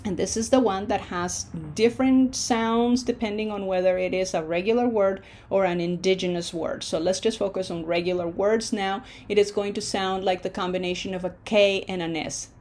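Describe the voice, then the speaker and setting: A woman's voice: medium pitch, fairly even intonation, moderate pace, hardly any pauses, a little mellow. A woman teaching a Spanish pronunciation lesson, stretching out model words with long vowels and asking and answering her own questions.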